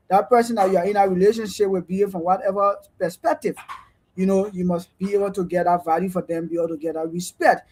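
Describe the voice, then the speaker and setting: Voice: mid-range voice, darkish tone, low-quality recording. A panelist in an online discussion over a remote call, talking in a discursive way and repeatedly checking in with "right?". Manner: discursive, keeps adding "right?". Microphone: remote streaming call.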